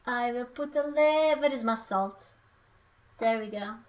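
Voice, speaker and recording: A young woman chats playfully on a live cooking stream, breaking into silly sing-song noises. Her voice is fairly high and unhurried, with slight background noise, as she casually talks while cooking.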